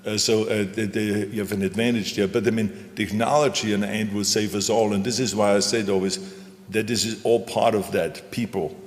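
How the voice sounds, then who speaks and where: An older man with a low voice delivers an onstage talk in an emphatic, folksy way, repeating punchy lines for effect. His voice rings out in a large hall with a long reverb tail. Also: fairly even intonation, moderate pace. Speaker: guest speaker, former governor. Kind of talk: onstage conversation. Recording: echoey hall.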